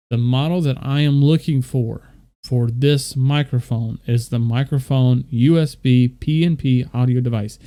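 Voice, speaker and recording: Very dark-voiced man explaining stream settings. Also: medium pitch. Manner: loose, rambling, talks to viewers directly with fillers. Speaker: streamer explaining audio setup. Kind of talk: casual screen-share tutorial.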